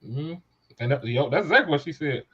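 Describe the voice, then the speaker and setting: Man, podcast host, lively storyteller, dull lo-fi sound, casual chat. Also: fairly high pitch, a little fast, breathy edge. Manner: animated storyteller, acts out quoted voices.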